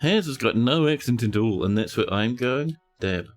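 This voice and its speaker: A man's voice: mid-range voice, lively intonation, moderate pace, faint music behind. A man with a New Zealand accent, casually commentating his game stream with playful, mock-dramatic teasing and a soothing voice.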